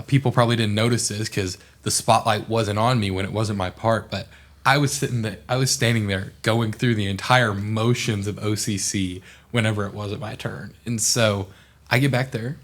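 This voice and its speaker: Lively low-voiced young man telling stories. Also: normal speed. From Oklahoma. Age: young adult. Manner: animated storyteller, acts out quoted people. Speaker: podcast guest. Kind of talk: casual storytelling chat.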